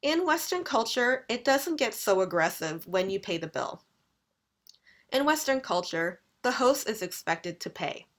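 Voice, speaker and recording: A young woman with a Canadian accent giving a recorded English lecture, modeling polite phrases with clear, exaggerated intonation. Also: fairly high pitch, very animated, a little slow. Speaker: English teacher.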